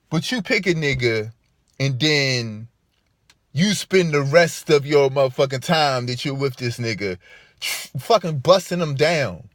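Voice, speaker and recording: A man's voice: medium pitch, animated, takes it slowly, long pauses, fairly bright tone, no echo, studio quality. A man delivering an emphatic, profane vlog rant, hammering his points by repeating them. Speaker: vlogger. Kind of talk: ranting monologue to camera.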